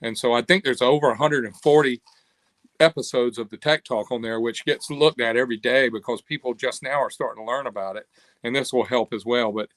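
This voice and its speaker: An older man, an interview guest telling stories in a lively, animated way. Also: mid-range voice, fairly quick, dry recording. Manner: animated storyteller, acts out quoted voices. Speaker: interview guest, cam company owner. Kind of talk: casual interview storytelling.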